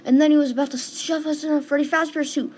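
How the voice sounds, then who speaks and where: A woman's voice: sits high, steady tone, quick pace, a little mellow, a little hiss or hum, rough recording. A woman casually retelling a dream, rambling and restarting with lots of "and then", on a home recording. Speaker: storyteller.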